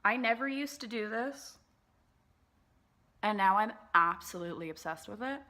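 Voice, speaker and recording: A woman's voice: medium pitch, lively intonation, normal speed, bright, forceful tone. A woman vlogger chatting casually through a makeup tutorial, bubbly and full of fillers, sometimes dropping into whispered asides. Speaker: beauty vlogger.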